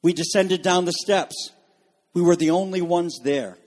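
His voice is high and darkish, and he preaches at a measured pace. This pastor reads quotations to his congregation before unpacking what each passage means.

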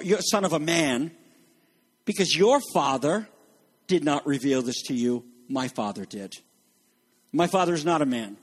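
A man's voice: sits high, slightly rough. A middle-aged man preaching a sermon as pastor, acting out quoted voices as he goes. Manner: animated, acts out quoted voices.

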